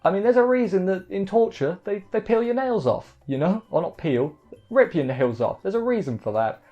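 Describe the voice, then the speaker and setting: High-pitched and lively in intonation, a man at a moderate pace runs through an anime episode as a reviewer. His casual recap wanders, with restarted words and fillers like "like" and "you know," heard through dull lo-fi audio with faint music behind it.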